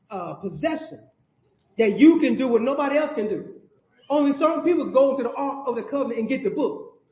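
High-voiced preacher in an echoey church. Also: male voice. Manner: preaching with call-and-response asides to the congregation; repetitive, emphatic phrasing. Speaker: pastor. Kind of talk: sermon. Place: church sanctuary. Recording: echoey church sound, dull audio.

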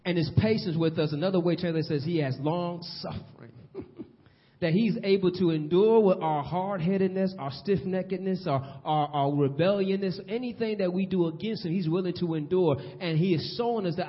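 A man preaching a sermon in a church, swinging between loud and hushed delivery. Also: sits high, fairly quick. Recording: long hall reverb, dull lo-fi sound.

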